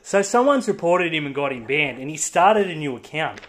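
Brief: young Australian man, podcast co-host, sweary and giggly, pitch swings around. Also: lively intonation, normal speed, fairly bright tone. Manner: sweary, laughs a lot. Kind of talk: casual banter.

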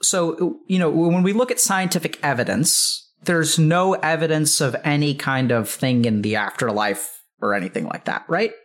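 A man's voice: a little high, moderate pace. A man in his thirties, a psychiatrist, telling a long story in casual conversation, rambling with lots of "like" and swearing freely. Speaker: psychiatrist, podcast guest.

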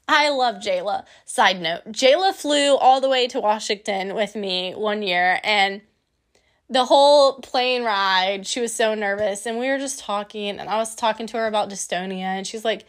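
A young adult woman telling a candid personal story in a lively, emotional way, acting out what her friends said. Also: on the high side. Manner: candid, emotional, lively retelling with quoted voices.

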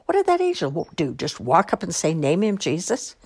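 A woman's voice: sits low, animated, moderate pace, breathy edge, voice pushed up, heavily acted. A woman voicing a tough, bossy girl who is playing Mary in a church pageant, blunt and defiant in a read-aloud story. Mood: demanding.

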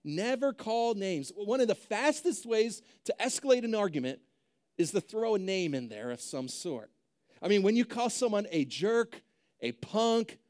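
A man's voice: high voice, darkish tone. A young adult male pastor preaching a sermon in a conversational way, often checking in with "right?".

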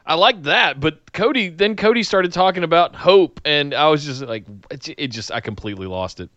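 A man co-hosting a casual chat, joking around and quick to laugh. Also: on the high side, dry recording, dull audio. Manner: jokey, animated, breaks into laughter. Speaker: podcast co-host.

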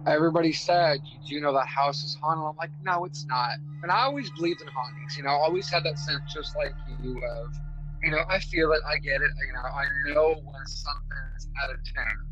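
A man from Arkansas co-hosts a casual podcast, a laid-back storyteller with lots of fillers. His voice sits slightly high. The audio is dull and lo-fi, with loud music playing behind him. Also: fairly quick. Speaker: podcast co-host.

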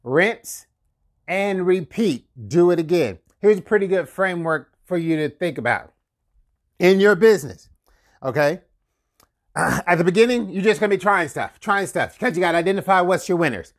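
A man hosting a marketing podcast, giving motivational business advice in an energetic, conversational way with frequent chuckles and repeated catchphrases. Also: high-pitched, normal speed. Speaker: podcast host and marketing coach. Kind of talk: casual motivational talk.

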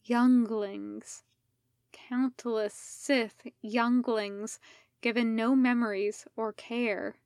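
A woman voicing a weary male Jedi leader, speaking in a quiet, strained, measured way. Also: fairly high pitch, level tone, no room sound, studio quality. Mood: grave.

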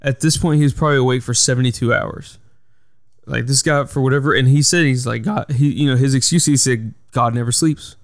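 A podcast host with a medium-pitched voice speaks briskly in a solo episode, retelling a work story in a rambling, filler-heavy way. It's a casual storytelling monologue with clean studio sound and no room sound.

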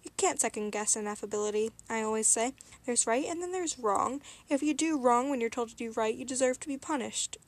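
A woman's voice: a little high, brisk, hardly any pauses, lightly acted. A woman voicing a fussy, worried male angel who talks in an anxious, hesitant and apologetic way. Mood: earnest.

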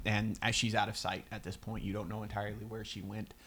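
A man's voice: lowish voice, quick pace. Easygoing male game master. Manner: relaxed, laughs often, easygoing. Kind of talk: narrating a tabletop game.

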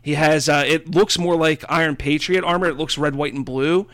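A man's voice: a little high, steady tone, normal speed, fairly bright tone, no echo. A man chatting casually in a movie review, enthusiastic and rambling, with many fillers and restarts. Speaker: movie podcast co-host.

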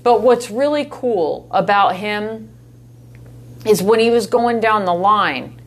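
A woman telling a lively personal story as a guest, laughing often and gesturing as she talks. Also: mid-range voice, slow pace. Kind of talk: casual storytelling.

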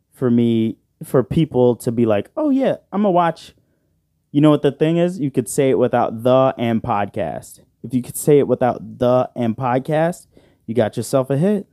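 A man's voice: mid-range voice, mellow, no echo. A man hosting his own podcast alone, rambling and joking with plenty of swearing, talking into a studio microphone. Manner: rambling, profane and joking, with frequent "bro". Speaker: podcast host. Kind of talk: casual solo podcast chat. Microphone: side-address studio microphone.

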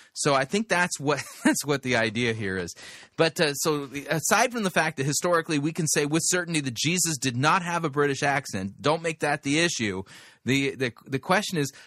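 A man hosting a talk radio show, commenting with sarcasm and loud mock outrage. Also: on the high side, no echo, clean studio sound.

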